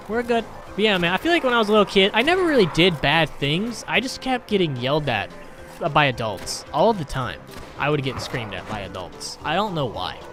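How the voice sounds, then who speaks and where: A man's voice: fairly high pitch, a bit bright. A young man hosting a gaming channel, telling rambling, profane stories while frustrated at a hard game. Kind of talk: casual gameplay commentary.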